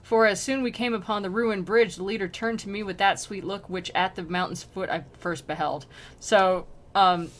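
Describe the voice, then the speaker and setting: A woman's voice: mid-range voice, fairly even intonation, normal speed. Chatty, wry woman streamer. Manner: chatty, filler-heavy, wry. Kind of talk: casual retelling mixed with reading aloud. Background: faint music.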